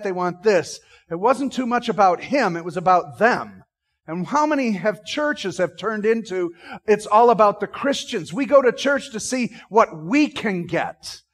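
A man preaches through a Bible chapter with lively energy, acting out scenes as he goes. He keeps turning to his listeners with questions. His voice sits high for a man. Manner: animated, acts out scenes; asks the audience questions. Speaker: Bible teacher. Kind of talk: sermon.

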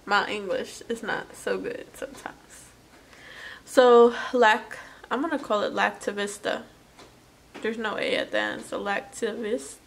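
Slow, chatty woman vlogger. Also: on the high side, gravelly, a little hiss or hum. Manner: chatty and self-deprecating, with fillers like "anywho". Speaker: vlogger, new mother. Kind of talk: casual product unboxing chat.

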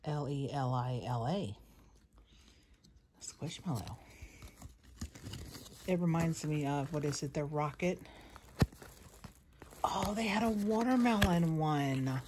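Tired, out-of-breath woman chatting slowly. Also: low voice, expressive, background noise. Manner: rambling, chatty, laughs between lines. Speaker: vlogger showing a shopping haul. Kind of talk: casual chat to camera. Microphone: phone camera.

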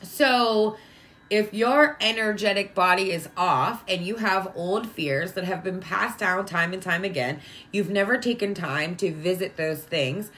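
Unhurried and medium-pitched, with a fairly bright tone, this woman gives casual spiritual talk to her viewers about energy and feelings. She's an adult with a young daughter, chatty and fond of her audience, often saying "like" and "right?".

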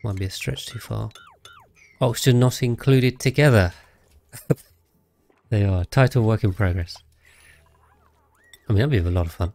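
A man's voice: lowish voice, normal speed, gravelly, long pauses, a little mellow. A man streaming a video game live, thinking aloud and chatting casually with his viewers as he plays. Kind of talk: casual live gameplay commentary.

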